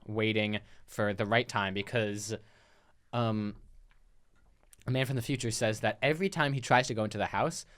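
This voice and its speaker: Man, podcast co-host, casual film recap, rambling, smooth voice, mid pitch. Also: fairly bright tone. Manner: rambling plot recap with restarts and mock quotes. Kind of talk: casual film review chat.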